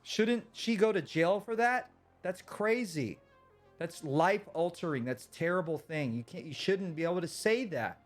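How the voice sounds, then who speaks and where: A man's voice: sits high, animated, normal speed, soft background music. A man ranting on a live stream in a casual, emphatic way, swearing often and repeating his points.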